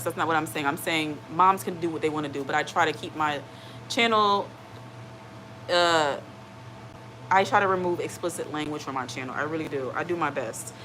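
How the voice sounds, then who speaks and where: A woman's voice: lowish voice, bright, forceful tone, slight background noise, rough recording. A woman hosting a live stream in casual chat. She rambles, reads out viewer comments and reassures people, often checking in with "okay?". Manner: reassuring, keeps asking "okay?".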